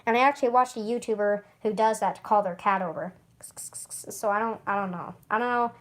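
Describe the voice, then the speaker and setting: A woman's voice: mid-range voice, fairly even intonation, brisk. A woman vlogger chatting casually to camera, rambling and often stuttering and restarting. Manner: chatty, rambling, with frequent laughs.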